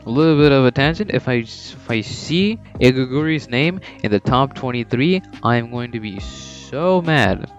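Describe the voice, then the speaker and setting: Low-voiced young man recapping a story. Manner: rambling, swearing, ranting asides. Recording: dull lo-fi with background music.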